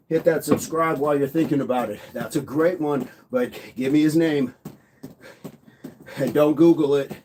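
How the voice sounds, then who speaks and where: A man hosting a daily live workout stream, counting reps out loud while exercising and chatting with viewers by name. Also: on the high side, a little hiss or hum. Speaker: fitness livestream host. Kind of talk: live workout coaching and chat.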